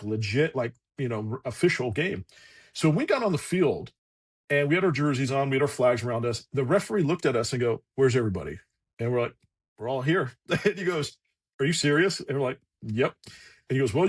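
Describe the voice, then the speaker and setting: Guest, male, husky, casual storyteller who voices the quotes and curses freely. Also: medium pitch. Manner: lively anecdotal, acts out quotes, swears freely. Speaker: podcast guest.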